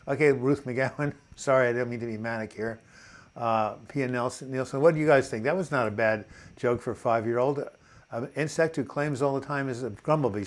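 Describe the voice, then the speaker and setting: An older man with a New York accent hosts a casual live stream, chatty and friendly. He greets viewers by name, reads their comments aloud and tells corny jokes. His voice sits at a middle pitch for a man. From New York City. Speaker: host of a live chat.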